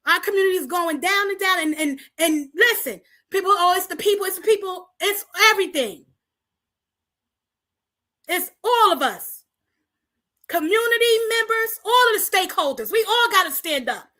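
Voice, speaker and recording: A woman's voice: very high voice, lively intonation, normal speed, bright, forceful tone. A woman from Paterson, New Jersey, hosting her own show and giving an impassioned community address, repeating lines for emphasis and calling on viewers to respond. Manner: preachy call-and-response, rallying the audience. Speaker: host of a community talk show.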